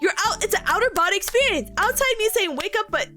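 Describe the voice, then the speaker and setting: A woman's voice: very high voice, lively intonation, quick pace, sharp tone, soft background music. A young woman casually recapping a convention on stream, telling stories in a bubbly, giggly way. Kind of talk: casual chat.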